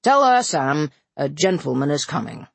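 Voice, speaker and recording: A woman doing a jovial male colonel, hearty and animated, storybook reading. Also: low voice, moderate pace, vocal fry, no room sound, pitched below the performer's own voice, exaggerated voice. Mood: ordering. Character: jovial middle-aged male colonel, lively.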